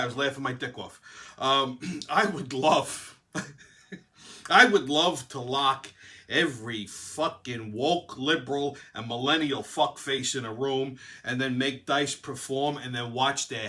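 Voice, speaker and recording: A man's voice: mid-range voice, bright, forceful tone. A man from Brooklyn with a Brooklyn accent, hosting a casual, profane monologue in a blunt, crude way. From Brooklyn, New York. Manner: blunt, crude, heavy swearing. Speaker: show host.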